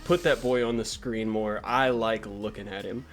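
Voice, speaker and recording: A man's voice: fairly low pitch, moderate pace, faint music behind. A man hosting a podcast in casual, joking chat. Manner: relaxed, joking, laughs often. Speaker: podcast host.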